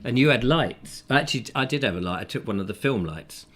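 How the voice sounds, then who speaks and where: A man's voice: mid-range voice, expressive, brisk, a bit bright. A man hosting a comic live chat show from a room in a house, telling stories in a rambling, jokey way with many fillers. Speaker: show host.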